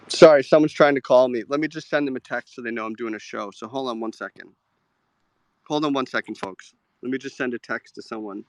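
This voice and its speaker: A man hosting a live audio show, chatting casually about trading with many "like" fillers and quick agreeing murmurs. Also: a little high, clean tone, dry recording.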